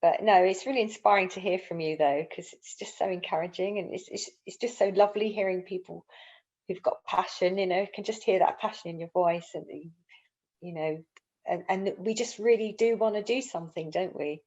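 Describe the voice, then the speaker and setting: A woman speaking as a co-organiser on a video call, encouraging and warm, often repeating words as she talks. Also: mid-range voice, a little fast. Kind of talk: casual video-call chat. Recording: dull lo-fi video-call audio.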